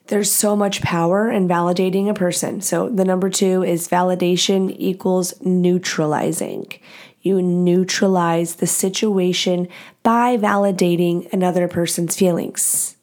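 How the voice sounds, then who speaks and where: A woman hosting her own podcast, giving blunt, profane relationship advice in a fast, animated, casual way. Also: on the low side. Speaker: podcast host. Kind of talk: casual solo podcast talk.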